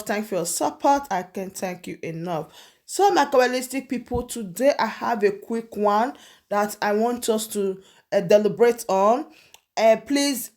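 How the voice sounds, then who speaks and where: A woman reading out news reports and commenting on them emphatically, often repeating her key phrases. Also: fairly high pitch.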